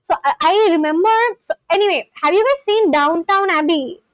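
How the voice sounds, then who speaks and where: High-pitched woman streaming, chatting with her viewers, dry close mic sound. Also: normal speed, no echo, rough recording. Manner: rambling, reads chat aloud and answers it. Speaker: livestreamer. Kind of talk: casual live-stream chat.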